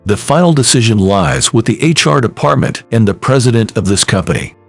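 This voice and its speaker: A man voicing a dignified male company president who speaks in a low, cold, firm voice. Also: expressive, a little fast, gravelly, soft background music. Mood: cold stern.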